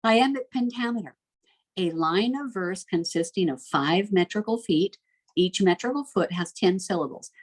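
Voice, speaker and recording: A woman teacher talks through a literature lesson, recorded at home. She reads lines of verse slowly and carefully, then breaks into easy, chatty explanation with the odd filler. Her voice sits at an ordinary middle pitch for a woman. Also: rough recording.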